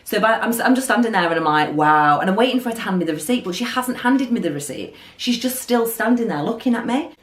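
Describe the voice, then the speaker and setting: A woman telling an animated storytime vlog. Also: on the high side, fast, hardly any pauses. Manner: animated storytelling, acting out quotes. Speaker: beauty vlogger. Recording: roomy echo.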